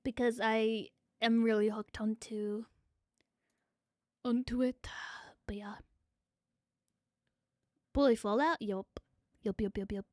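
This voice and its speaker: High-voiced New streamer woman. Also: fairly even intonation, slow, long pauses, a little mellow, dry recording, studio quality. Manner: chatty, rambling, repeats phrases, swears casually. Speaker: VTuber streamer. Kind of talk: casual livestream chat reading viewer comments.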